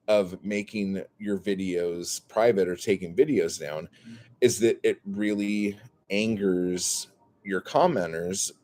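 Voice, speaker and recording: Male streamer, low-pitched, rambling profane chat rant. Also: warm tone. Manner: rambling, heavy on "like" fillers, profane. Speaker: YouTuber streaming to a live chat. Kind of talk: casual ranting monologue.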